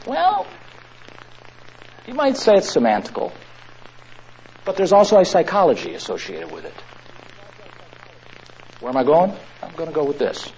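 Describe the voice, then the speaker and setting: A man's voice: fairly high pitch, huge pitch swings, normal speed, pauses often, a little mellow. A man preaching a sermon, emphatic, who repeats his key lines for stress. The recording sounds dull and lo-fi, with faint noise behind him.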